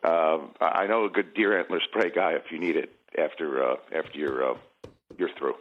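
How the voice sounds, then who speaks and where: A man's voice: very deep voice, steady tone, normal speed, phone-quality sound. A man joking around as a radio show guest, rambling with many restarts. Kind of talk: casual radio chat.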